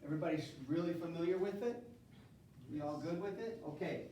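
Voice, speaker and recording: A male university Spanish teacher lecturing on verb conjugations, calling out forms and repeating the students' answers. His voice is mellow and low in brightness, with a slightly raised pitch. It is recorded from across an echoey classroom with faint background noise. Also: a little fast, recorded from a distance. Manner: drills verb forms call-and-response with students.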